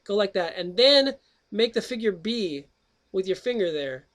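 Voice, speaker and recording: High-voiced rambling radio host. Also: male voice, animated, normal speed, a bit bright. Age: middle-aged. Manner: chatty, jokey, jumps between topics. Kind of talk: rambling casual monologue and reading aloud.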